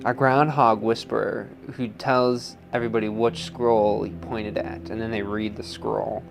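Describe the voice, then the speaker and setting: A man's voice: on the low side, flat delivery, unhurried, gravelly, over music. A man who makes pottery, chatting in a rambling, joking way with lots of fillers. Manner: rambling, filler-heavy, jokey. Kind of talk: casual interview chat.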